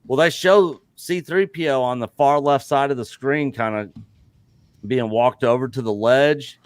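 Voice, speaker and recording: A man's voice: mid-range voice, dry recording. A man co-hosting a casual live stream, rambling through recollections full of fillers and restarts. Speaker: co-host.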